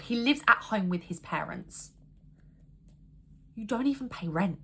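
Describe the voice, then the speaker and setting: A woman's voice: mid-range voice, animated, a little slow, sharp tone, slightly rough. A woman telling a bad-date story to camera in a casual vlog, exasperated and swearing a lot. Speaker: vlogger.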